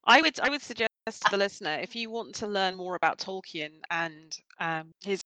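A man's voice: high-pitched, normal speed, bright, forceful tone, smooth, dry recording, rough recording. A man, co-hosting a podcast and talking through his points with many ums and asides. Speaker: podcast co-host. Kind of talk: casual discussion.

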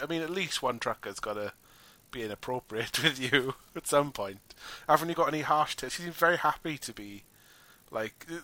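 A man casually discussing a film with a friend in a wry, animated way, swearing now and then. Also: mid-range voice, dry recording. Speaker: podcast co-host.

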